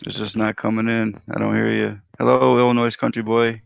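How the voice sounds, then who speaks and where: Male livestream host, relaxed and chatty, heavy fry in a lowish voice, dry close sound. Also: a little fast, dry recording. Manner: laid-back, chatty, greets viewers by name. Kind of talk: casual livestream chat. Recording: dry, dull lo-fi audio.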